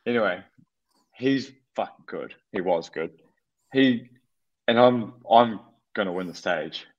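A man's voice: fairly low pitch, unhurried, darkish tone. A New man, a former racing cyclist, telling a rambling, laugh-filled, profane story in a casual podcast chat. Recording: dull lo-fi sound.

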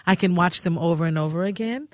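A woman's voice: on the low side, fast, no echo. Chatty woman radio host, dry studio sound. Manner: chatty, effusive, giggly. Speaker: radio talk show host. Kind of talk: casual radio talk.

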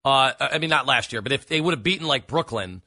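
Wry male sports radio host, bright tone, rambling questions, studio. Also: mid-range voice, lively intonation, brisk, dry recording. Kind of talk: sports talk radio banter.

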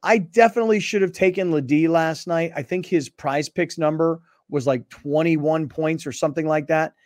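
A man's voice: fairly high pitch, normal speed, darkish tone, no echo, studio quality. A man hosting a sports talk show, joking around in a laid-back, drawling way.

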